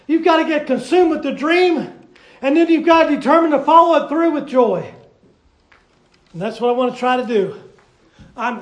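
A man preaching a sermon, telling a folksy story and building up to shouts. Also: extremely high pitch. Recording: echoey hall, mic far off.

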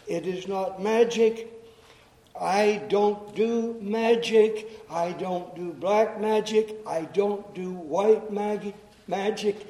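A man preaching in chapel to students, explaining slowly and deliberately and repeating phrases for emphasis. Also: sits high, warm tone. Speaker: chapel speaker. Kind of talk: sermon to students. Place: chapel hall. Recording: echoey chapel hall.

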